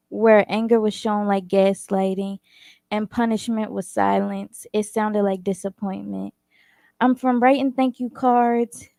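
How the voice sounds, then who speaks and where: A young woman reading her own spoken word poem in a measured recited cadence. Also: mid-range voice, dark tone, no echo, studio quality. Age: young adult.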